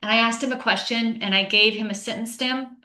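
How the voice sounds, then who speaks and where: Bright-voiced woman presenter, roomy sound. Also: fairly high pitch, fairly even intonation, a little fast. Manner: conversational, often adds "right?" for agreement. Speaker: teacher coach and presenter. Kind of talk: conference talk to teachers. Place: online session with a chat. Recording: roomy echo.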